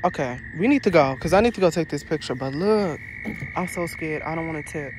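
A young man vlogging casually on a phone while walking a park trail, gushing excitedly and swearing freely. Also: fairly high pitch, brisk. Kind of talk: casual vlog chat. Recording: outdoor noise of bugs and frogs. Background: insects and frogs.

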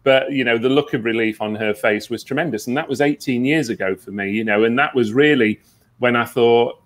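A man's voice: medium pitch, fairly quick. Chatty, earnest male medium. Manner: earnest, animated storyteller with many fillers. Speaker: psychic medium guest. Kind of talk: conversational interview.

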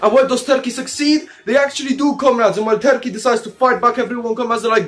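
A man's voice: extremely high pitch, quick pace, few pauses, fairly bright tone, soft background music. A man hosting a comedic history video as a mock commander, calling his viewers comrades, swearing and joking with bursts of laughter. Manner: calls listeners "comrades" in nearly every line, crude and jokey; breaks into laughter and silly asides. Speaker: history video host in a comic commander persona.

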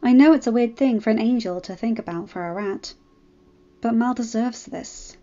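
A woman's voice: on the high side, moderate pace, warm tone, highs cut off, close to an everyday voice. Woman reading as a worried teen girl.

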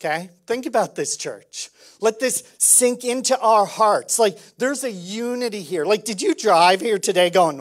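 A man preaching a sermon as pastor, conversational and lively, swinging from loud emphasis to quiet intensity. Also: high voice, unhurried.

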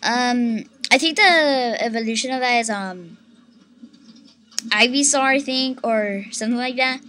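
A woman chatting casually to camera, hesitant and giggly, filling pauses with ums and teasing herself, with a slight cough. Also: fairly high pitch, bright, forceful tone. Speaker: channel host doing character voices.

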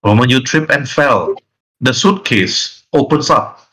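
A man's voice: medium pitch, lively intonation, slow pace, sharp tone, low-quality recording. A man narrating a tabletop role-playing game as game master, in long, rambling run-on sentences.

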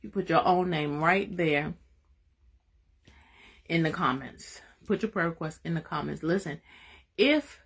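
A woman hosting a live-streamed Bible study, excitable and emphatic in a folksy way, drifting into soft prayer. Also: deep voice, unhurried, pauses often, breathy edge.

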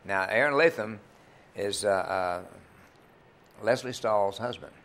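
A man's voice: on the low side, takes it slowly, fairly bright tone. Folksy older man telling stories. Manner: folksy, rambling anecdotes with many fillers. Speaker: country singer and club owner, interview guest. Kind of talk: storytelling in a TV interview.

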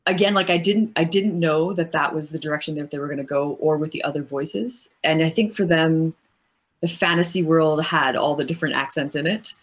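A woman's voice: deep voice, brisk. A woman voice actress as an interview guest, explaining her craft at length in a thoughtful, casual way with frequent fillers.

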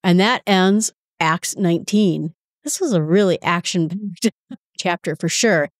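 A woman's voice: fairly low pitch, measured pace, no echo, studio quality. A woman hosting a Bible study podcast, talking through scripture in a casual, conversational way with chatty asides and self-corrections.

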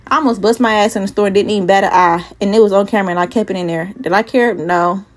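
A woman vlogger in her twenties talks casually and bluntly to her phone camera, recorded on a phone mic with earbud. Her mid-range voice is fast, she swears freely, and she sounds a bit out of breath.

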